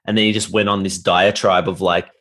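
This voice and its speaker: A man's voice: sits low, little pitch movement, a little fast, a bit bright. A man from Australia, a comedian guest in casual chat, who jokes and laughs as he talks. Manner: laughing, jokey.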